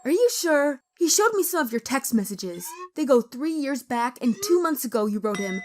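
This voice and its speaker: A woman's voice: sits high, big pitch swings, moderate pace. A woman voicing a young man who talks directly and questions others. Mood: accusing. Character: young man, confronting his cheating girlfriend.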